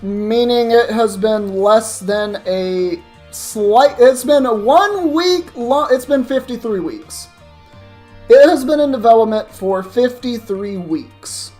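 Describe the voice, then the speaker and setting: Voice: medium pitch, slow, a little mellow, soft background music. A young adult streamer giving rambling, casual commentary while playing a game, swearing now and then. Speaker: streamer playing a Pokemon challenge run. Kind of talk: casual let's-play commentary.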